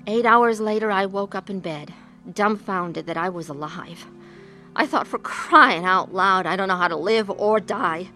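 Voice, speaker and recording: A woman's voice: mid-range voice, unhurried, music in the background, close to an everyday voice. A woman narrating and playing a troubled adult woman in emotional pain, speaking earnestly. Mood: somber. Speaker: narrator and main character. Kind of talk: dramatized testimony with first-person narration.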